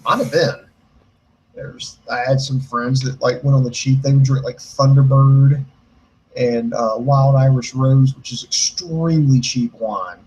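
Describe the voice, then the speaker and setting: An American man co-hosting a casual show, telling a story in an animated way, swearing a lot and acting out the quotes. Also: medium pitch, a little slow, a little hiss or hum, poor audio. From United States. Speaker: podcast co-host.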